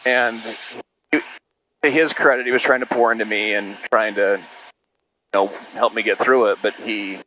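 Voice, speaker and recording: A man's voice: lowish voice, steady tone, moderate pace, long pauses, sharp tone, slight background noise, low-quality recording. A middle-aged man from Utah, telling personal stories in a casual, rambling way and saying "dude" and "you know" a lot. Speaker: podcast guest. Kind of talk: casual conversational storytelling.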